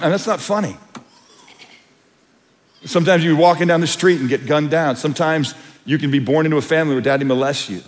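A man preaching a sermon as pastor, telling stories and acting out quotes in an animated way. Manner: animated storytelling, acts out quotes in high voices. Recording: long reverb of a hall.

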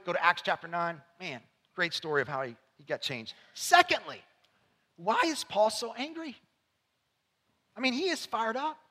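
A pastor delivers a sermon in a church sanctuary, his high, bright voice cutting through the space. He speaks conversationally, moving from quiet asides to loud, emphatic lines. A long reverb from the hall rings around him.

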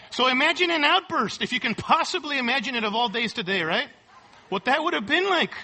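A pastor preaches to his congregation in a high, forceful voice. He leans hard on key words, repeats them for weight, and keeps checking in with a quick "right?". The tone is that of a church sermon. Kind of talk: expository sermon. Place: church service.

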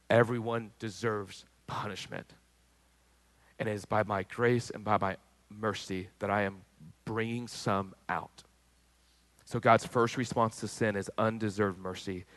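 A man preaching a sermon as pastor, climbing louder and higher to press a point, then dropping low and slow for emphasis. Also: fairly even intonation, low-quality recording. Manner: rises in pitch and volume when pressing a point, drops low and slow for emphasis.

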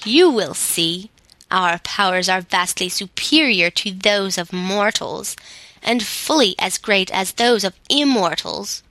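A scowling king of evil creatures hurls angry, impudent defiance, as a woman narrator puts him on. The delivery is slow and deliberate, with a bright, forceful edge in a dry storybook recording. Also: mid-range voice, expressive, no echo, full character voice. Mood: defiant. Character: fierce scowling male goblin king, impudent.

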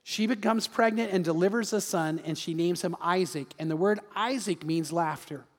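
A pastor giving a lively sermon with frequent asides and repeated words. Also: male voice, high-pitched, moderate pace, big-room sound.

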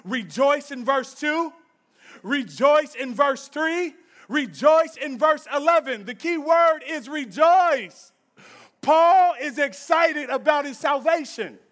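Male pastor, very high voice, fervent sermon, hushed to shouting, rhythmic repeats. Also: expressive, slow pace. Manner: passionate preaching, swings from hushed to shouting; repetitive rhythmic call-and-response phrasing.

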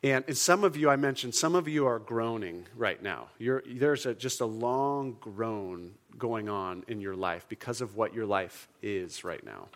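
A man's voice: medium pitch, a bit bright. A man preaching a sermon to his congregation in an earnest, conversational way, leading the room in call-and-response. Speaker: pastor.

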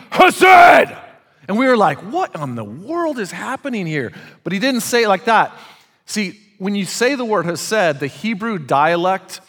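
Animated preacher in a reverberant hall. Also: male voice, a little high. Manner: animated, conversational preaching with audience call-outs. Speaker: pastor. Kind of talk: sermon.

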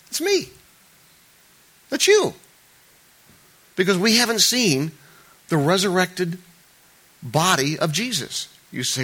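Animated, chatty male pastor preaching. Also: sits high, normal speed, long pauses, slightly rough. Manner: informal and chatty, with joking asides and frequent restarts. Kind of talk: conversational sermon.

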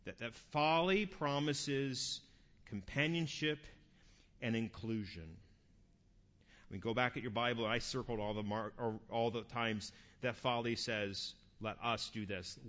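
Earnest male preacher, lo-fi church recording. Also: mid-range voice. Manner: earnest, rising to forceful emphasis; repeats and restarts words. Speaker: pastor. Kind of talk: sermon.

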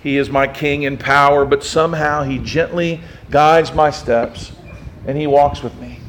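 A man's voice: on the high side, fairly even intonation, unhurried, fairly bright tone, a little hiss or hum, low-quality recording. A male pastor delivering a sermon in an emphatic, folksy way, with self-deprecating asides.

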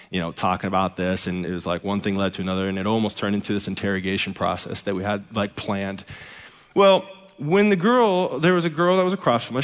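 A male pastor telling a humorous story in his sermon, his mid-pitched voice ringing in a long hall reverb. He preaches in a church sanctuary.

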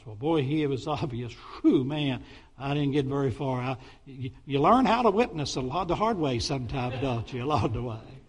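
A middle-aged man, a Baptist pastor, preaching a sermon in an animated way, with sudden excited outbursts and many stumbling restarts. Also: medium pitch, normal speed, husky.

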